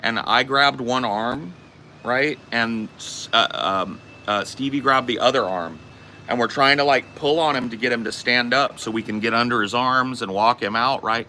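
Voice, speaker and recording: A man's voice: mid-range voice, normal speed, pushed and bright, a little hiss or hum. A man hosting a podcast, telling a casual anecdote with plenty of swearing. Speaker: podcast host. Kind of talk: casual storytelling chat.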